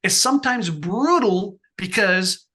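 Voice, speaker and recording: An older man in his sixties gives motivational advice in an interview, pressing each point hard and often circling back to restart a phrase. His voice sits a little high for a man and rings bright and forceful. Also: expressive, slow. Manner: emphatic, repeats and restarts phrases. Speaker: photographer, interview guest.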